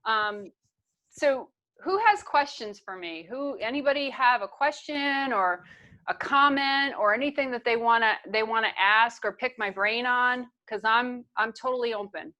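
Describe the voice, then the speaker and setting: A woman's voice: fairly high pitch, a little slow, sharp tone, muffled recording. Earnest woman teaching on a call. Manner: earnest, conversational, repeats herself. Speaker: guest speaker and trainer. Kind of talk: casual teaching on a video call. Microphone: video call.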